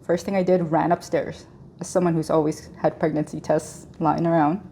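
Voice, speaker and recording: A woman in her thirties telling her own pregnancy story as an interview guest, lively, laughing often and acting out the dialogue. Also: low voice, normal speed, slightly rough. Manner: animated, laughs often, acts out quoted dialogue. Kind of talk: emotional personal storytelling.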